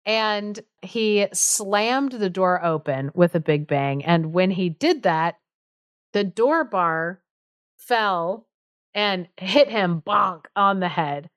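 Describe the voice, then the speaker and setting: A chatty woman co-hosting a podcast, telling a folk tale with frequent giggles and casual fillers. Her voice sits at a middle pitch and sounds smooth and clear. The sound is dry and close. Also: lively intonation, slow pace, dry recording. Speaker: podcast co-host. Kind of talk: casual storytelling chat.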